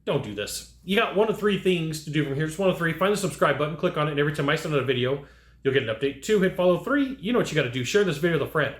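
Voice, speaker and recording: A man's voice: on the high side, expressive, rapid-fire. A man coaching salespeople in a blunt, punchy way, speaking straight to his audience and acting out customers' lines. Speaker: sales trainer. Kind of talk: direct-to-camera sales coaching. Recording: echoey room.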